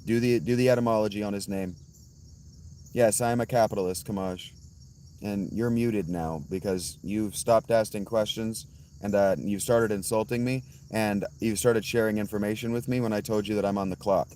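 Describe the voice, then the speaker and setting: A hoarse man hosting a casual livestream, answering chat bluntly and calling out viewers by name. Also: lowish voice, steady tone, normal speed, mellow, a little hiss or hum. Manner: blunt, swears, addresses chatters by name. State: hoarse, worn-out voice. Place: outdoors at night with insects.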